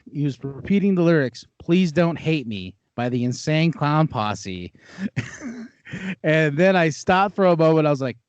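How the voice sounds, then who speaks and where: A man with a fairly high voice talks through films in a casual chat and leans into animated storytelling, laughing often. The recording is dry and dull, with a lo-fi edge and almost no room sound. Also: normal speed, no room sound. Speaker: podcast co-host.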